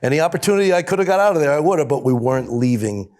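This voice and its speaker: A man's voice: fairly high pitch, lively intonation, a little mellow. A middle-aged man, a rescue police officer, earnestly recounting a rescue on a panel and often restarting his sentences. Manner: earnest, halting, with many restarts.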